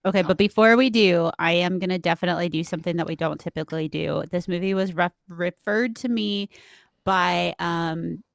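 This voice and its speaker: A woman's voice: on the low side, normal speed, vocal fry, no echo. Apologetic woman podcast co-host, dry mic. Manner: apologetic, self-deprecating, swears freely. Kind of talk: casual chat.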